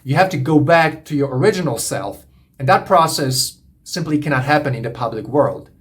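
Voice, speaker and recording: A man's voice: medium pitch, animated, moderate pace. A man coaching on relationships, lecturing in an earnest, repetitive, emphatic way. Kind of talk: monologue lecture to camera.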